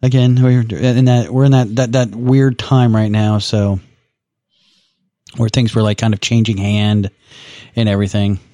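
A man's voice: lowish voice, little pitch movement, measured pace, dark tone, no echo, studio quality. A man in casual movie watch-along chat, sharing behind-the-scenes trivia with hesitant restarts. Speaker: co-host.

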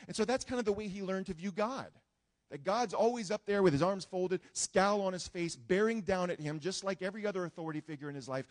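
A male pastor preaches earnestly, telling a story and often restarting his phrases. His voice sits a touch high for a man. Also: animated, a little fast, darkish tone. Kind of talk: sermon.

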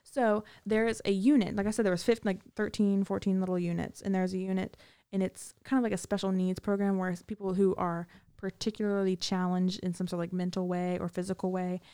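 Woman guest, vocal fry, rambling storyteller with lots of fillers. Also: medium pitch, level tone, a little fast, dark tone. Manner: rambling, many fillers and restarts. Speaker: guest recounting prison time. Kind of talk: casual storytelling.

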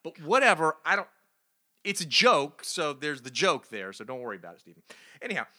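A man's voice: a little high, sing-song, brisk, sharp tone. A man co-hosting a casual comic book review podcast, recapping the story with sarcastic mockery and rhetorical questions. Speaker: podcast co-host.

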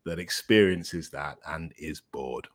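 A man co-hosting a podcast English lesson, reading example sentences aloud slowly and encouraging his co-host. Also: very deep voice.

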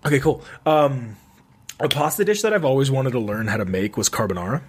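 A young man talking in a loose, rambling way, full of fillers and restarts. His voice sits at an ordinary middle pitch. He sounds like a podcast co-host chatting with a friend. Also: brisk, husky. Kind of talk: casual chat.

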